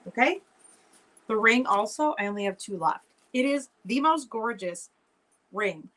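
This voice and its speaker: A woman's voice: fairly high pitch, lively intonation, a little slow, a bit bright. A woman hosting a live online jewelry sale, chatting in an upbeat way straight to her viewers. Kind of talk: casual live-stream selling chat.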